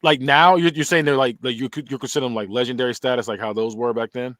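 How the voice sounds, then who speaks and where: A man hosting a casual gaming podcast, animated and quick to laugh. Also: mid-range voice, no echo, clean studio sound. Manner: animated, laughs often, drawn-out talk. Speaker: podcast host.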